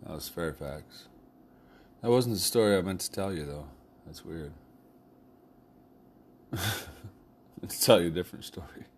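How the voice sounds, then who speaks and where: A man with a deep, husky voice tells a personal story in loose, casual fashion. He rambles and swears freely, and he laughs often as he goes. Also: animated, moderate pace, long pauses.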